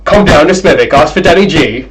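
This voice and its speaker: Man doing an aggressive Birmingham voice-chat gamer, loud and high, shouting threats over a cheap headset. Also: lively intonation, fairly quick, a loud crowd, natural voice. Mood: angry threatening. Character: angry male online voice-chat gamer, threatening. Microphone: cheap gaming headset mic.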